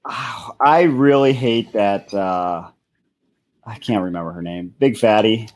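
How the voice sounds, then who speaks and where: A man's voice: fairly low pitch, slow pace, darkish tone. A man co-hosting a crude comedic podcast chat, with dry, sarcastic remarks.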